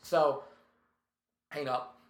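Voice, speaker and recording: A man's voice: fairly high pitch, drawn-out words. Man, comedian, casual storytelling, swears a lot, acts out quotes, echoey room. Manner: profane, animated, tells stories with acted quotes. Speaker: stand-up comedian telling a story.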